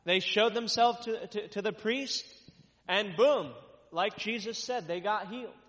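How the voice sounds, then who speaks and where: A man's voice: sits high, a little slow. A man, a traveling minister, reading scripture aloud and then preaching in a casual, repetitive way. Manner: reads scripture loudly, then explains in casual repetitive talk. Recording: dull sound with long reverb.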